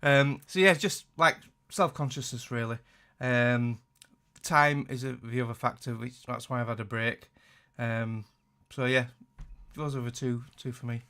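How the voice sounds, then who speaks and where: A man with a Yorkshire accent, co-hosting a casual podcast chat, self-conscious and often trailing off quietly. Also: mid-range voice, steady tone, a little slow, clear, resonant tone. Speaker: podcast co-host.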